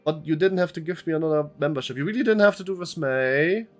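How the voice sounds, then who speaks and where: A man's voice: fairly high pitch, fast, faint music behind. A young man streaming a game, chatting to his viewers in a rambling, joking way and reading the game's text aloud. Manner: rambling, chatty, thanks chat members, swears.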